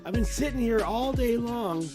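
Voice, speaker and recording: A hoarse man who has nearly lost his voice, hosting a casual video, rambling and exclaiming with rhetorical questions as he looks at maps. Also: very high voice, animated, normal speed, music in the background. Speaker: video host. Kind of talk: casual commentary over maps.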